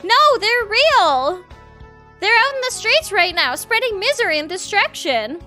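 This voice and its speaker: A woman voicing a rough male bird who once ran with a biker gang, speaking in urgent warnings. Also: very high-pitched, sing-song, measured pace, sharp tone, faint music behind, pitched above the performer's own voice, full character voice. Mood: alarmed.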